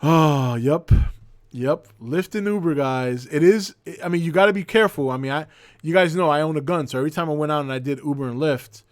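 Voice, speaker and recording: A man in his forties hosting a livestream, telling an anecdote in a casual, profane, animated way. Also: fairly high pitch, fairly quick, dry recording, studio quality. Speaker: host.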